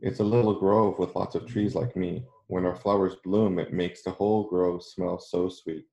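A man voicing a stubborn, lonely tree girl who ran away from home, read softly and plainly. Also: low voice, level tone, moderate pace, vocal fry. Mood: upset.

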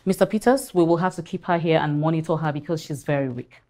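An actress playing a calm, grave hospital doctor. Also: female voice, low voice, fast talker, lightly acted.

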